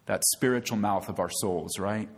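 Speaking at a normal speed in a fairly low voice, this pastor addresses his congregation as friends during an emphatic sermon. He poses rhetorical questions and surges upward on important words.

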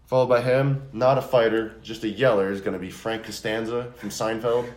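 A man's voice: fairly low pitch, a little fast. Young guy, casual podcast chatter, rambles and laughs, roomy echo. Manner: rambling, animated, laughs often. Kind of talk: casual chat. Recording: echoey room.

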